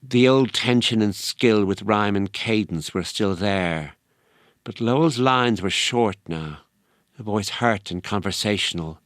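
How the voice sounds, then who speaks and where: A man giving measured, scripted documentary narration. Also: lowish voice, fairly bright tone, no room sound, studio quality.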